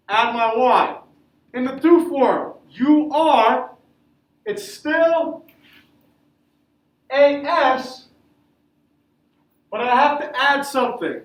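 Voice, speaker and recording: High-voiced man teaching a class. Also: a bit bright. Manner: questions the class and answers himself. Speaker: Spanish teacher. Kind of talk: classroom lesson. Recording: echoey classroom from far off.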